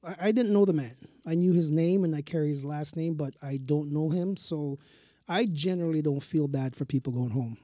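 Mellow dark-voiced guy, chill reflective talk show chat. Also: on the high side, no echo, clean studio sound. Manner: slow, reflective storytelling. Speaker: co-host.

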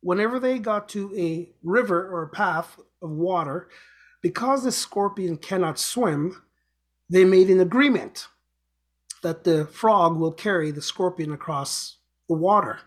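Man, high-pitched, show host, motivational talk, earnest, repetitive exhortations. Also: measured pace, fairly bright tone.

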